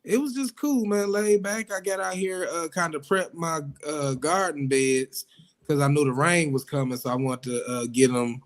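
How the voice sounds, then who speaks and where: A man's voice: on the high side, moderate pace. Laid-back man chatting on a talk show. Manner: laid-back, laughs easily, relaxed slang. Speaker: co-host. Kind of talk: casual talk-show banter.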